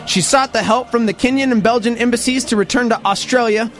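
A man casually retelling a news story to friends, animated and acting out quotes. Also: fast, faint music behind. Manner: animated, puts on voices for quotes, sweeping pitch jumps. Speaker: storyteller in a podcast chat.

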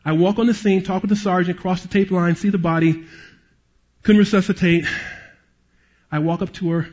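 A man preaching a sermon as a pastor and police chaplain, an animated storyteller who drops to hushed tones at emotional moments. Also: sits high, normal speed, dull audio.

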